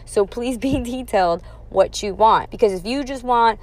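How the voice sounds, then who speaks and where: A woman's voice: on the high side, moderate pace, darkish tone. A woman in her thirties with a mother's easy, chatty manner, talking casually about manifesting and swearing now and then. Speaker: manifestation talk host. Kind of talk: casual monologue.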